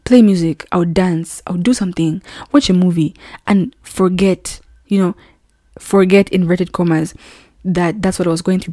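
Warm-voiced young woman telling a story. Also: on the low side, dry recording, clean studio sound. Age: 20s. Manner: animated, acts out quoted voices. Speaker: podcast host. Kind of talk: casual storytelling monologue.

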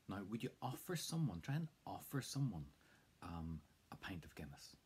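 A man's voice: low-pitched, sing-song, moderate pace, darkish tone, husky. A man giving a casual, chatty spoken language lesson, coaching the listener along. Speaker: language teacher. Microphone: close mic to camera.

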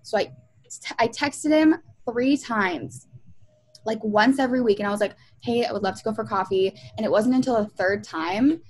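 A woman's voice: a little high, normal speed, a little mellow, slightly rough, low-quality recording. A young woman, a music video producer, chatting in a casual interview and telling stories with lots of fillers and acted-out quotes. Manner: chatty storyteller, many fillers, acts out quotes.

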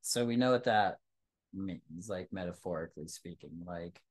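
A man from New Mexico, a teacher, hosting a casual podcast conversation and telling stories in an animated way. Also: sits low, normal speed.

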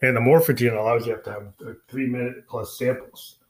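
A man's voice: medium pitch, fairly even intonation, brisk. A man who is a musician, talking casually and rambling about his music with many fillers and restarts. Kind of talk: casual spoken explanation.

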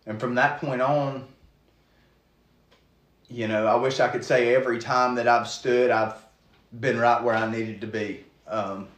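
A man tells his testimony in an earnest, halting way, often restarting his sentences. His voice sits at a middle pitch. The room around him is noticeably echoey. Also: steady tone, a bit bright. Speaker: guest preacher. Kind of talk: testimony in casual conversation.

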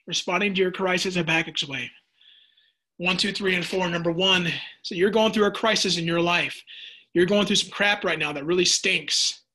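A middle-aged male preacher delivers a fervent radio sermon, often tripping over and repeating his words. His voice sits high for a man, with a bright, husky edge. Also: moderate pace. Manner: passionate, repeats words when excited. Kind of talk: sermon with listener texts.

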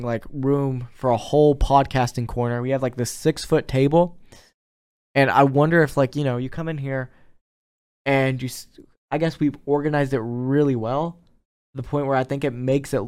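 A young man in a college dorm room, hosting a casual podcast and chatting in a relaxed, rambling way. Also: mid-range voice, moderate pace, clean tone. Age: young adult. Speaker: podcast host. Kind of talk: casual chat.

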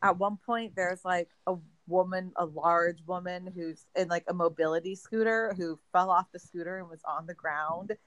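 A woman's voice: fairly low pitch, steady tone, moderate pace, few pauses, no room sound. A young woman co-hosting a podcast, chatting casually about a viral video and swearing freely. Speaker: podcast co-host.

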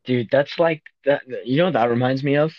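A young man co-hosting a casual podcast, joking in a mock-gloomy, deadpan way. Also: medium pitch, brisk, no room sound, muffled recording. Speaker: podcast co-host.

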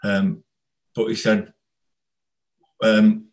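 A man, a former footballer, telling stories in a relaxed, rambling interview. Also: lowish voice, extremely slow, rough recording. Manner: rambling, anecdotal, laughs while telling. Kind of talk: casual storytelling interview.

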